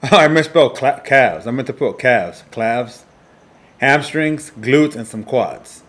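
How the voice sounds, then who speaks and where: Male fitness coach, mid-pitched, teaching from slides, emphatic and repeats key points. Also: a little slow, fairly bright tone. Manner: repetitive, emphatic, frequent "all right" checks. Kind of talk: slide presentation lesson.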